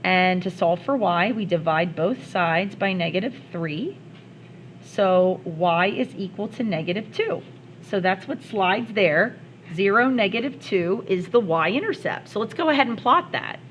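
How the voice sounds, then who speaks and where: Math teacher walking through steps. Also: female voice, mid-range voice, expressive, a little slow, slight background noise, poor audio. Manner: step-by-step, talks herself through worked examples, playful asides. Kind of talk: recorded classroom lesson.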